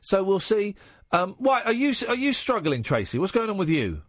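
A man in his forties hosting a late-night phone-in, talking casually with halting restarts. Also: sits high, big pitch swings, dry recording, clean studio sound. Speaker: radio phone-in host. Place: radio studio. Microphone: studio mic.

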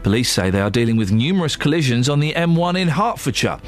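A man presenting breakfast radio, mocking the stories in a lively, sarcastic way. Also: fast talker, soft background music. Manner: mocking, animated, swings between deadpan and high exclamations. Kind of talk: breakfast radio chat and news.

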